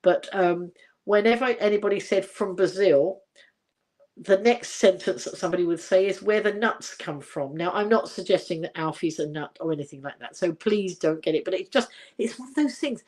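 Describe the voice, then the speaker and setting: An older woman talks casually to her livestream viewers, pitched a little low. She rambles, restarts her sentences and reads out comments as they come in. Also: brisk, darkish tone. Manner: rambling and chatty, many fillers and restarts. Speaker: livestream host.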